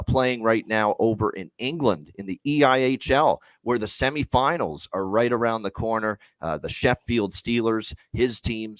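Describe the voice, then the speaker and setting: A man hosts a betting podcast in a relaxed, chatty manner, dropping casual swears. His voice is low. The sound is dry and close. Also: clean tone, dry recording. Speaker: host of sports betting show.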